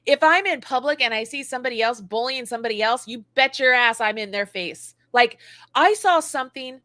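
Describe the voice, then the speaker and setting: A middle-aged woman from the United States co-hosting a casual live-stream chat, talking in an animated way and acting out critics in a high voice. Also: fairly quick, no room sound, clean studio sound. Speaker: co-host, knitting and crochet designer.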